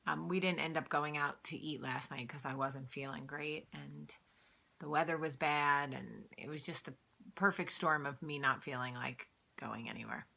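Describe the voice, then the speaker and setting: Low-voiced, bright-toned woman chatting candidly. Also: moderate pace, gravelly. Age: late 30s. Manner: candid, chatty, lots of fillers. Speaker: vlog host. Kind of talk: casual chat.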